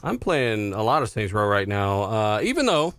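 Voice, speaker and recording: A man's voice: lowish voice, very animated, moderate pace, a bit bright, clean tone, no room sound, clean studio sound. A man co-hosting a casual gaming podcast, joking around, laughing and swearing loosely. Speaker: podcast co-host.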